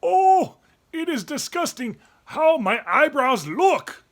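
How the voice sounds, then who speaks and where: A man's voice: extremely high pitch, big pitch swings, takes it slowly, exaggerated voice. A man voicing a playful young male dog who hosts a children's lesson on feelings, acting out each emotion with sudden cries. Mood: playful, exaggerated. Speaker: children's show host. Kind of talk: kids' educational explainer.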